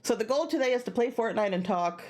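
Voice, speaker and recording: A tired woman streaming a video game from home, chatting casually and rambling between bursts of excited yelling. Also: on the high side, quick pace. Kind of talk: casual gaming stream chat.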